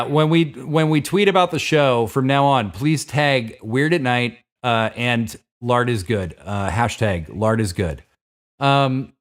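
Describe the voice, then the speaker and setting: Man hosting, reading listener poems. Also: mid-range voice. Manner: relaxed, stumbling over names with fillers. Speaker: host. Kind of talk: live show, reading listener writings aloud.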